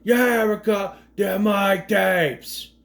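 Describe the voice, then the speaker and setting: A swaggering, gruff tough guy with a Boston-New York accent that drifts between the two, pitched noticeably higher and pushed louder than a normal speaking voice. The lines land hard and emphatic, as a man puts him on in a casual retelling. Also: steady tone, slow pace, full character voice. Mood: brash. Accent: mix of Boston and New York.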